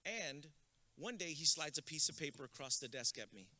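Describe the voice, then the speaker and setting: A man's voice: a little high, expressive, moderate pace, bright, forceful tone. A man from Texas giving a graduation keynote, telling comic stories and building to a rousing close at a podium microphone. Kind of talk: motivational storytelling speech. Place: school graduation ceremony.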